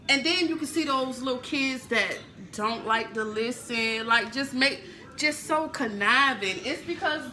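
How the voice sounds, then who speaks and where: A woman's voice: high voice, sharp tone, slight background noise, low-quality recording. A woman in her thirties chatting casually in a home kitchen vlog, laughing and swearing freely. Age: 30s. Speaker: vlogger. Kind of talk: casual cooking vlog chat.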